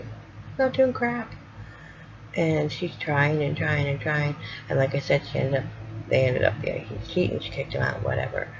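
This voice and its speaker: A woman's voice: rumbling low, gravelly. A middle-aged woman rambling through family stories in a casual vlog, with many fillers and acted-out quotes. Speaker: vlogger. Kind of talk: casual storytelling. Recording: dull lo-fi home video with noise.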